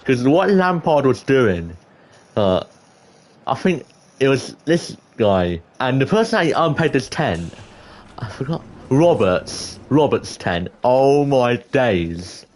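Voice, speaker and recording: A teenage boy telling a school story to camera in an excitable, rambling way, full of restarts and exclamations. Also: medium pitch, slow. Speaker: vlogger.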